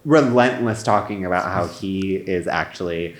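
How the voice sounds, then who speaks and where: A man's voice: low-pitched, moderate pace, echoey room, slight background noise. A man co-hosting a comedy podcast, telling a story casually with lots of filler words. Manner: rambling, full of "like" fillers. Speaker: podcast co-host.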